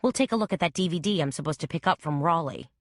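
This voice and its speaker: A calm, wry woman who owns a scrapbook shop, read by a woman narrator. Her voice sits low and sounds dry and close. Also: fast talker, no echo. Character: level-headed woman scrapbook shop owner.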